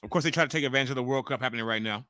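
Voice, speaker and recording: A man in his forties hosting a wrestling watch-along live stream, reacting excitably and ranting with heavy swearing. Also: medium pitch, very fast, clean tone, no echo. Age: 40s.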